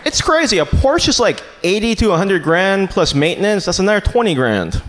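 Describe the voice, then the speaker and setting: Lively high-voiced male stand-up comic. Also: brisk. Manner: loose and chatty, fills lines with "man" and "you know". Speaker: stand-up comedian. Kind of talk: stand-up comedy set. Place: comedy club stage before a live audience. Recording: live club recording with audience laughter and noise.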